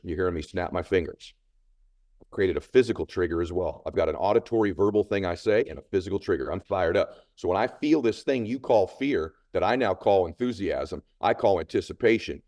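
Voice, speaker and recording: A man's voice: deep voice, a little mellow, dry recording, clean studio sound. A middle-aged man hosting a motivational podcast, telling a story with emphatic, coaching delivery and repeated punchy phrases.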